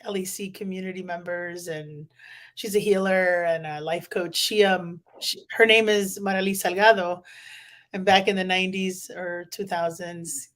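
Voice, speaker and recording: A woman's voice: on the low side, fairly even intonation, moderate pace. A woman hosting a casual interview, asking questions and encouraging her guest. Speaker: interview host.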